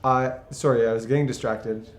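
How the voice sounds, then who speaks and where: A young man chats in an earnest, eager way, circling back over his thoughts as he talks. His voice sits at an ordinary middle pitch. The room around him rings with noticeable echo. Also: steady tone, a little fast. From Canada. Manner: earnest, enthusiastic, rambling. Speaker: interview guest, youth ministry video host. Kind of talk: casual interview chat. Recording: roomy echo.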